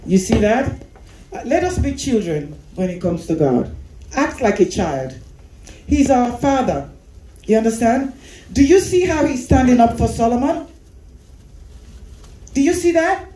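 A woman teaching Sunday school, her voice on the high side and mellow. She goes over scripture, repeats phrases and puts questions to the class. The sound rings in a roomy space. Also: very animated, unhurried, long pauses. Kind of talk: Bible teaching.

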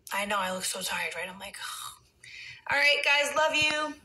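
Brash, bright-voiced woman. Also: a little high, poor audio. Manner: brash, swears freely, talks back to trolls. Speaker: reality TV personality on a phone livestream. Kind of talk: casual livestream chat with viewers.

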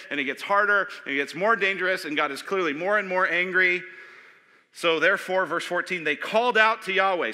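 A man preaching a sermon as pastor, animated, asking questions and acting out voices. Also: sits high. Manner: animated, acts out voices, asks the audience questions. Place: church sanctuary. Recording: long hall reverb.

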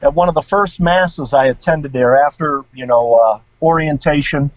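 A man's voice: on the high side, normal speed, no room sound. A middle-aged man, a former priest, telling his personal story in a casual interview, informal and emotional. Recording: dull lo-fi sound.

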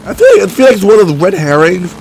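Sick, excitable gamer guy. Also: high voice, rapid-fire, slight background noise. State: sick, voice cracking. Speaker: let's play gamer. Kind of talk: casual gameplay commentary.

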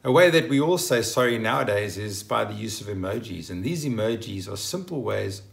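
With a lowish, creaky, expressive voice and a slightly fast delivery, a man teaches English words on his own channel. The lesson is scripted, and he acts out sample phrases with upbeat emphasis.

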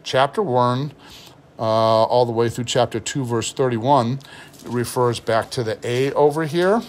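A pastor showing a study Bible and explaining its notes in a relaxed, explanatory way, reading passages aloud as he goes. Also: mid-range voice, measured pace, a little hiss or hum. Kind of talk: Bible unboxing review.

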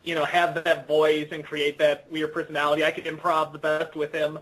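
A young man with a somewhat high, husky voice chats casually over a video call. He rambles through his answers, stacking fillers and restarts and poking fun at himself. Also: monotone, fairly quick, a bit bright, poor audio. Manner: rambling, self-deprecating, frequent fillers and restarts. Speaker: interview guest. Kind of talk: casual interview chat.

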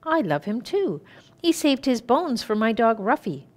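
A woman reading the part of a fond neighbor lady, earnest and warm in her words. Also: a little high, sing-song, a little slow, voice pushed up.

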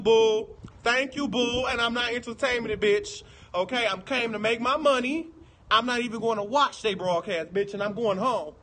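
Man, Detroit accent, high voice, brash and profane, livestream chat, faint room noise behind. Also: sharp tone.

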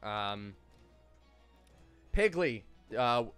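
A man's voice: mid-range voice, very animated, extremely slow, fairly bright tone, clear, resonant tone, faint music behind. A man narrating as game master of a tabletop game, loose and joking, with many fillers.

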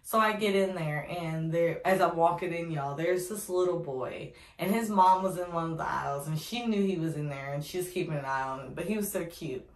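A woman's voice: low voice, brisk, few pauses. A woman vlogger telling a casual storytime, candid and opinionated with ranting asides. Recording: echoey room.

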